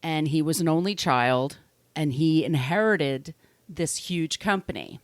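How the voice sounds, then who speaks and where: A middle-aged woman with a somewhat low voice tells a story on a podcast, casual and salty. She stops and restarts her sentences as she goes. The sound is dry and close, with no room around it. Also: a little slow, no echo. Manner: chatty, profane, restarts mid-sentence. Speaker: podcast co-host telling the story.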